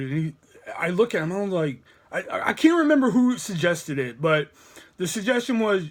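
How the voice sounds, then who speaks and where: A man's voice: on the high side, a little fast. A young man telling a true story in a casual, rambling way. He swears a lot, restarts often and acts out the lines he quotes. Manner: profane and rambling, with many restarts; animated retelling with acted quotes.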